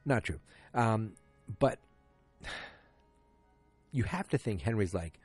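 A man casually recapping a TV episode, rambling and animated, with chatty asides to viewers. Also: lowish voice, drawn-out words, pauses often, husky, soft background music.

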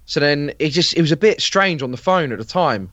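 A man's voice: a little high, lively intonation, fairly quick, a bit bright, dry recording, muffled recording. A man, a podcast guest chatting casually, rambling with plenty of fillers and restarts. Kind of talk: casual chat.

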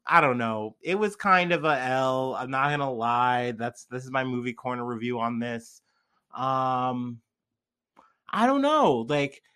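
A young man talks casually to his viewers, a little drunk and high. His talk wanders loosely and is full of fillers and slang. His voice sits at an average male pitch. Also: sharp tone, smooth. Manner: laid-back, heavy on fillers and slang. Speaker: vlogger. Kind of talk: casual rambling monologue.

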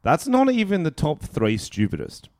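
A young man co-hosting a podcast in casual comedic chat, crude, joking and quick to laugh. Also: on the high side, huge pitch swings, darkish tone, no room sound. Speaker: podcast co-host. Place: indoors, in the same room as his co-host.

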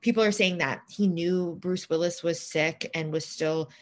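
A woman with a somewhat low voice chats loosely and rambles through her stories. She talks in a casual, unscripted way. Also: steady tone, normal speed. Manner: chatty, rambling, many fillers and restarts. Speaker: podcast co-host. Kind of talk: casual gossip chat.

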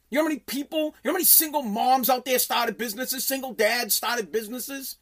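Brash business owner, 30s, aggressive swearing motivational rant. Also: male voice, very high-pitched, quick pace, few pauses, fairly bright tone. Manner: profane, aggressive, emphatic. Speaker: business owner and radio host.

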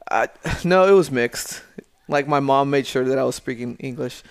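Man, podcast guest, casual chat, gravelly voice, jokey, laughs a lot. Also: medium pitch, moderate pace.

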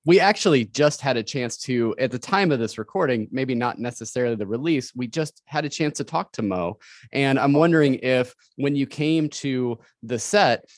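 A man's voice: medium pitch, animated, normal speed, dry recording. Male podcast host, dry sound. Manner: long, wandering questions with fillers. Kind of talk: interviewing a guest.

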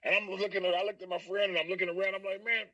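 A man from Texas, a voice actor guest, telling a story in a casual, animated way, with laughter and many restarts. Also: high voice, racing, no room sound, distant mic, lo-fi sound.

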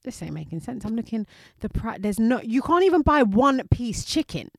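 A young woman, co-hosting a casual chat and telling a story with slang, swearing and quick laughs. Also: on the high side, sing-song, vocal fry, no echo, clean studio sound. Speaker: radio and podcast co-host.

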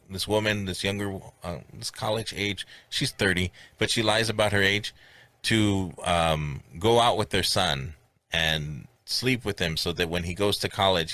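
A man's voice: on the low side, bright, forceful tone, dry recording. A man hosting a comedy podcast, joking and rambling with restarts. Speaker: podcast host. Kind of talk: casual comedy podcast chat.

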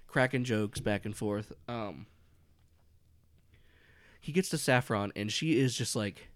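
A man's voice: on the low side, slow, fairly bright tone, no room sound. A man running a tabletop horror game as game master, narrating casually with lots of fillers and frequent laughs. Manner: rambling, laughs often, many fillers.

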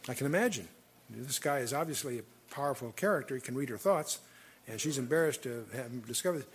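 A man's voice: a little high, expressive, fairly quick, husky. A man leading a verse-by-verse Bible study, reading scripture aloud and then commenting on it in an easy, conversational way with frequent chuckles. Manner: chuckles often while talking.

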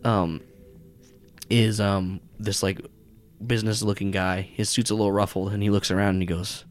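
Low-voiced man narrating a tabletop game. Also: little pitch movement, normal speed. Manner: rambling, full of fillers and swearing. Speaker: game master.

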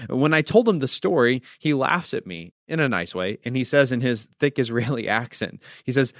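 A man's voice: mid-range voice, sing-song, moderate pace, few pauses, no echo, clean studio sound. A man from the United States, a pastor hosting a devotional podcast, teaching through conversational storytelling with wry asides.

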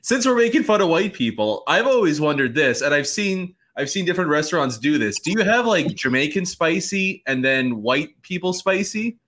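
A man's voice: on the high side, sing-song, moderate pace, hardly any pauses, fairly bright tone. A man interviewing a guest in casual talk, easygoing and teasing, often laughing along.

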